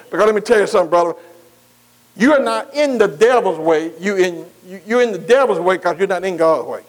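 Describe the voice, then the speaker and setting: High-voiced preacher man in a reverberant hall. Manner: call-and-response questioning, repeating words; informal vernacular grammar. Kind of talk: sermon.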